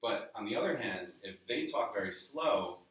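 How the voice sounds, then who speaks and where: A man's voice: fairly low pitch, animated, moderate pace, fairly bright tone. A man from the New York area leading a live sales training workshop, speaking casually and asking the room questions. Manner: conversational coaching, asks the room questions. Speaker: workshop presenter. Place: office meeting room with a live audience. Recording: very echoey room, voice from a distance.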